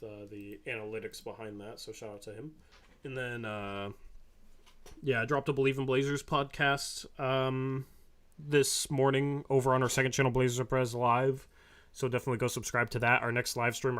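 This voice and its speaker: Chatty male podcast host, rambling. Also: mid-range voice. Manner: rambling, laughs often, drifts soft and quiet. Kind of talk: casual postgame chat.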